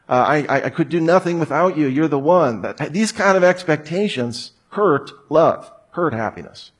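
Fairly high-pitched and slightly rough, a man's voice carries a humorous lecture to an audience, complete with rhetorical questions, mock voices, and joking asides.

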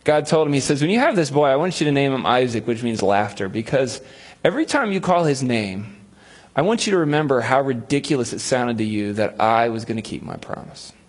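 A man's voice: medium pitch, expressive, fairly quick. A male pastor preaching a sermon, telling a Bible story with humor and acting out the voices of its figures.

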